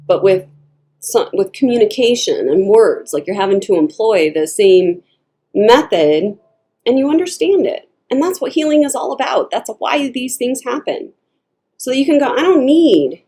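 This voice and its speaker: A woman talks her viewers through a tarot reading in a relaxed, mellow voice of middling pitch. She wanders off on tangents, laughs easily and slips into little acted-out voices when she quotes someone. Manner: chatty and digressive, laughing often; acts out quoted speech in shifting voices. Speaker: tarot reader.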